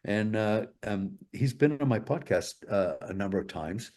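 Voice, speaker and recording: A man's voice: lowish voice, animated, normal speed, a little mellow. A male guest telling stories in a casual interview, rambling and swearing a lot. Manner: profane, rambling, full of fillers.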